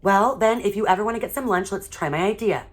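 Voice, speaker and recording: A woman's voice: mid-range voice, fast, voice pushed up, natural voice. A woman voicing a fussy, easily embarrassed mother who frets but stays firm. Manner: fretting, firm.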